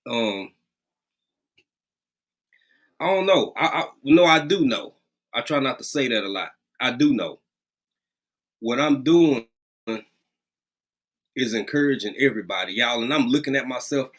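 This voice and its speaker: Animated man hosting a livestream. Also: medium pitch, unhurried, pauses often. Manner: animated, greets viewers by name, drawls and repeats phrases. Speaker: livestream host. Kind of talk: casual livestream chat with viewers. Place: rural home.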